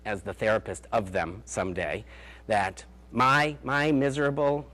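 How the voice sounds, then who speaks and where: A man, a family therapist, giving a parenting talk with stories, chatty and sarcastic, full of "like" and "um" fillers. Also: mid-range voice. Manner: chatty storytelling, frequent "like" and "um" fillers; dry, sarcastic humor. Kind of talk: lecture with anecdotes.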